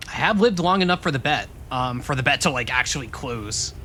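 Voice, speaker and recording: A man's voice: mid-range voice, animated, brisk, sharp tone, slight background noise. A man giving live, rambling commentary as he plays a video game, joking back at his chat. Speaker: streamer. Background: game music.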